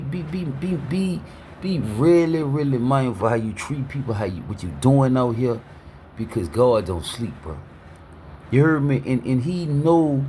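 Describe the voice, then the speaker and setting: A man speaking delivers a preachy street talk. He keeps asking "you heard me", stutters through restarts, and uses an average-pitched voice. A faint noise sits under the recording. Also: a little mellow. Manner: repeats "you heard me" constantly, stammers on restarts. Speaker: motivational speaker.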